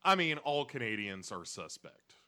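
A man's voice: medium pitch, very animated, normal speed, pushed and bright. A man co-hosting a podcast, recapping a show in a rambling, jokey way with silly voices. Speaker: podcast co-host. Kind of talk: casual comedic recap chat.

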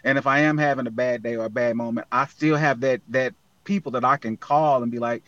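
A man's voice: medium pitch, steady tone, a little fast, fairly bright tone, no echo, dull audio. A man speaking as a guest in a casual interview, earnest and motivational, talking from the heart. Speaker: guest, app founder.

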